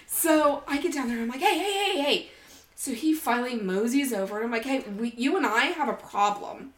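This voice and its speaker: Speaking a little fast in a voice on the high side, this woman co-hosts a podcast and tells a story in relaxed conversation. Every quoted line gets acted out, the swearing flows freely, and her delivery stays animated. The room gives the recording a noticeable echo.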